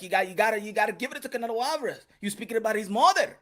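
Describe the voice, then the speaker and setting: A man running his own boxing commentary channel, with a high, bright and forceful voice. He talks in a loose, slangy, animated way, stacking up repeats and jokes as he rants to his viewers. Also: very fast. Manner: animated, slangy, repetitive, joking. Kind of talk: casual commentary vlog.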